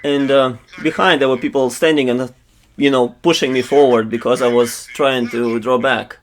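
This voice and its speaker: Male interview voiceover, mid-pitched, hesitant, full of fillers and restarts. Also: steady tone. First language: Russian. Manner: halting, with many fillers and restarts.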